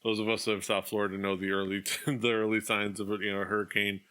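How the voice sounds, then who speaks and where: A man's voice: on the low side, level tone, fast, sharp tone, smooth. A man narrating a tabletop game as game master, rambling with many fillers over an online call, on a dull lo-fi recording. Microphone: online call mic. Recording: dull lo-fi stream audio.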